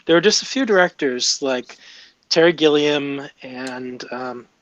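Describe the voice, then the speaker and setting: A man playing a tabletop game, chatting casually in a halting way with restarts. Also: medium pitch, fairly bright tone, no room sound, highs cut off. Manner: halting, many restarts and fillers. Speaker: player. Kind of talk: casual chat at the gaming table.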